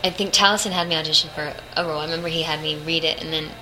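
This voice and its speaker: A woman's voice: deep voice, steady tone, rapid-fire, bright, forceful tone. Young female voice actress, rambling interview chat, noisy background hum. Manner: chatty, rambling, laughs often. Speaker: voice actress guest. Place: hotel room at a convention. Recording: noisy room ambience.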